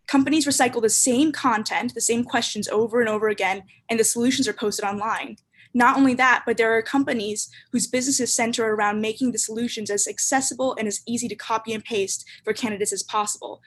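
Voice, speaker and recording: A young woman presenting her startup in a steady, rehearsed pitch over a video call. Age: young adult. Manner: clear, steady, rehearsed delivery.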